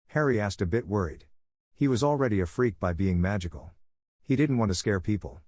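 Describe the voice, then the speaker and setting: Man narrating a story, steady reading, husky voice, dry sound. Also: lowish voice, normal speed, no echo. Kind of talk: storybook narration of fan fiction.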